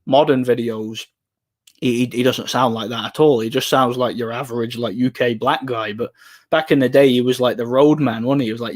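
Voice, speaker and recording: A man's voice: mid-range voice, steady tone, brisk, no room sound, studio quality. A tired man with an English Midlands accent hosts a livestream, reading chat and chatting casually in a rambling way, laughing often and repeating his words.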